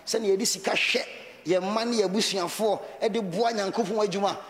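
A man's voice: sits high, steady tone, normal speed, fairly bright tone, long reverb tail. A man with a Ghanaian accent preaching a sermon as pastor, talking conversationally and mixing Twi with English.

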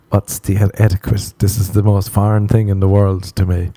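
A man's voice: on the low side, steady tone, measured pace, long pauses, warm tone, slightly rough, no room sound. A young Irish man telling crude, self-mocking comic stories and laughing at his own jokes. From Ireland. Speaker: comedian. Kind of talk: comedic monologue.

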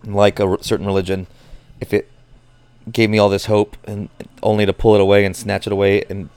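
A man reacting live to a baseball game as a nervous fan, cursing, groaning and pleading with the pitcher. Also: completely flat delivery, fairly quick, darkish tone, clean tone, dry recording. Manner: anxious, profane, swings from groans to outbursts.

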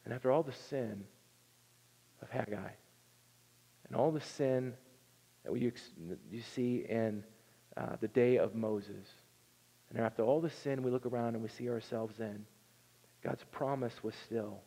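A man preaching a sermon, telling the story with earnest energy and swinging from loud to hushed. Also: mid-range voice, a little slow, creaky, pauses often, husky. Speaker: pastor. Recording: long reverb in a large hall.

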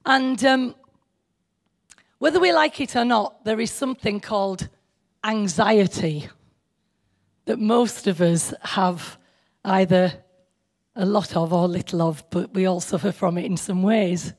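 Speaking at a church meeting, a woman delivers an informal, chatty sermon, joking with listeners, teasing herself and addressing the audience directly. Her voice is medium-pitched, with a measured pace and frequent pauses.

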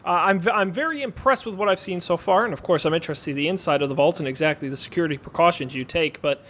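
A man's voice: fairly high pitch, fast, a bit bright. A man voicing a pompous, self-important wealthy patron in a tabletop game, rambling and hesitant. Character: pompous wealthy male patron, smooth-talking.

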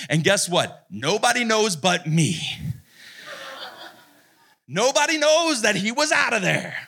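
A man preaching at a youth retreat, telling a childhood story with animated energy and dropping low and slow when he makes his point. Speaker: pastor. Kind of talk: sermon with personal story.

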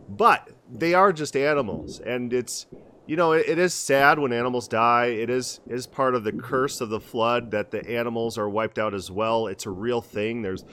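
A middle-aged man chatting on a casual podcast, winding through anecdotes with frequent restarts and false starts. His pitch sits in an ordinary middle range for a man. When he quotes people, he slips into their voices. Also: a bit bright. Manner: rambling storyteller with many restarts, acts out voices in quotes. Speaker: podcast co-host. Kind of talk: casual conversational podcast chat.

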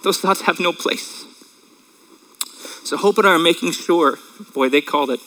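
Tearful, earnest man preaching, bright voice. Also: fairly high pitch, normal speed, poor audio. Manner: earnest, emotional, conversational preaching. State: tearful, clearing throat. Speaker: pastor. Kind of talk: sermon.

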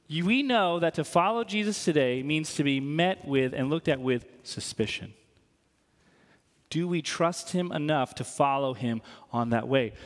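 This is a pastor delivering a sermon in a high, light voice. He keeps it conversational and jokey, and often tosses in "right?" to the congregation. His voice rings out with a long hall echo from the church around him.

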